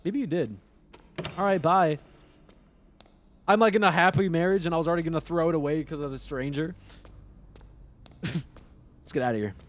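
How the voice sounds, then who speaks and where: A man streaming a game live, commenting casually and excitably, swearing and laughing as he plays. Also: on the high side, normal speed, pauses often.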